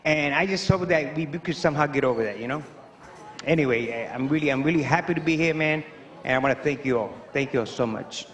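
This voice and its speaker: An actor playing a Puerto Rican stand-up comedian who tells rambling stories full of fillers. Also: male voice, a little high, fast talker, close to an everyday voice. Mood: storytelling. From Puerto Rico. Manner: rambling, animated storytelling with many fillers.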